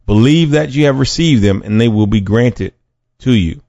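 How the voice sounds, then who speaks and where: A man's voice: medium pitch, normal speed, gravelly, dark tone, no room sound. A man preaching a podcast sermon in an earnest, conversational way, often restarting his sentences. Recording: dry, dull lo-fi sound.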